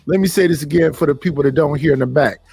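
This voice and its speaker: A man's voice: fairly high pitch, quick pace, vocal fry, dark tone, breathy edge, no echo, soft background music. A middle-aged man, hosting a live stream and ranting bluntly and profanely, preaching at his listeners. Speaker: stream host. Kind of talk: casual live-stream rant.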